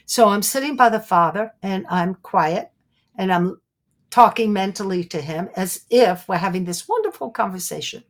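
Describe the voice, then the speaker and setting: An older woman from Brooklyn with a New York accent, a guest telling her stories with animated flair and frequent laughter. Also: medium pitch, normal speed. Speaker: guest, psychic detective. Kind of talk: animated storytelling in conversation.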